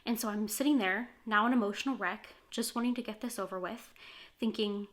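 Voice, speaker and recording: A woman's voice: mid-range voice, steady tone, a little fast. A woman sharing a personal story to camera in a candid, heartfelt way. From California, USA. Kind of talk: earnest first-person testimony to camera.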